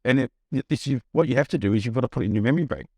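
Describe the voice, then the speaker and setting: A middle-aged man with an Australian accent, a buyer's agent telling a lively story in a podcast interview, acting out the voices he quotes. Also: medium pitch, rapid-fire, slightly rough, dry recording, clean studio sound. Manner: animated, acts out quoted voices, frequent restarts.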